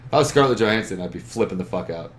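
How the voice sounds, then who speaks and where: A young man with a lowish voice hosts a gaming podcast over his webcam. He rambles and swears freely, leaning hard on his points. A faint hiss of room noise sits behind him. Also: animated, rapid-fire. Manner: profane, rambling, emphatic. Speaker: podcast host. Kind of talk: casual chat. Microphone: webcam setup.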